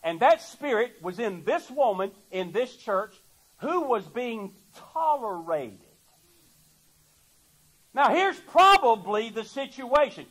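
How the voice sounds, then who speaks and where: Preacher, very high voice, emphatic, folksy asides. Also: male voice, sing-song, slow pace, a bit bright, rough recording. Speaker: pastor. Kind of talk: sermon.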